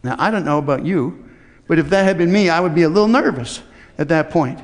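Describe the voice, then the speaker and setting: A man's voice: a little high, animated, fairly quick. A man preaching a sermon in a church, telling a story in a conversational, folksy way and acting out the dialogue. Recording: long hall reverb.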